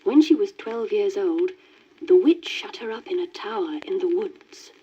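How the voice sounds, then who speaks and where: A woman reading a children's storybook aloud in a gentle, lilting manner. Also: medium pitch, a little slow. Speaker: story reader. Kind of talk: scripted storybook narration. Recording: dull worn vinyl record with faint hiss.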